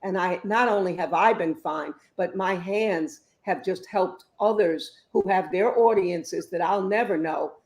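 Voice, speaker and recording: A woman in her fifties, an author giving interview answers in an expressive, emphatic storytelling way. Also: lowish voice, measured pace, few pauses. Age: 50s. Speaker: author and guest.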